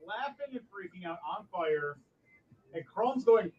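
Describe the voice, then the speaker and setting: A man narrating a tabletop game as game master, excitable and rambling with many fillers, on a dull lo-fi recording with faint music behind. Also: sits high, unhurried.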